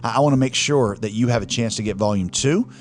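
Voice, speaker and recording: A male pastor talking casually, relaxed, with fillers and small restarts. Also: medium pitch, fast, faint music behind. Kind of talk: casual studio chat.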